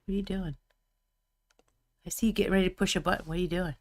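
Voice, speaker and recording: A woman's voice: lowish voice, steady tone, quick pace. A woman chatting casually and teasing her co-host while she paints miniatures on a live stream. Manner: chatty and teasing, often laughing.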